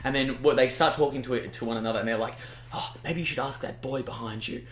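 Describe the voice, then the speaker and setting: A man's voice: mid-range voice, steady tone, fast, roomy sound, slight background noise. A man in his twenties with an Australian accent, a chatty storyteller who swears freely as he co-hosts a casual podcast. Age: 20s. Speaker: podcast co-host. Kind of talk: casual chat.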